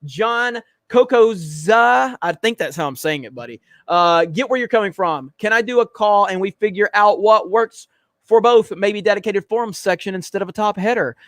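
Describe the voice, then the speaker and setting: A man's voice: high-pitched, normal speed, fairly bright tone, dry recording. A man hosting a livestream, reading chat in a blunt, profane, joking way. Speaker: livestream host.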